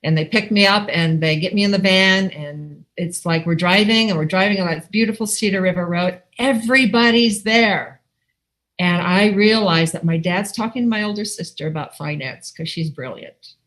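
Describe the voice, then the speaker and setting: A woman's voice: fairly low pitch, normal speed, low-quality recording. Laughing middle-aged woman telling her story. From Iowa. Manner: animated storytelling with frequent laughs and acted-out quotes. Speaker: recovery meeting speaker. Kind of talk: personal testimony. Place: home, online video call. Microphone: video call microphone.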